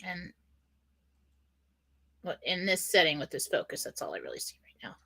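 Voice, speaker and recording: A woman's voice: sits low, huge pitch swings, normal speed, creaky, pushed and bright, slightly rough. A woman on a live show giving psychic readings in a chatty, loose way. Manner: chatty, lots of fillers and restarts. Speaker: psychic reader. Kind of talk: casual live show chat.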